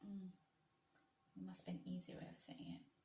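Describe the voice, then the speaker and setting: A woman hosting a relaxed livestream, with a somewhat low voice. She rambles from one thought to the next and keeps putting questions to her viewers. The sound comes from an echoey room with a little faint background noise. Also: normal speed. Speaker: livestream host. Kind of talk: casual livestream chat.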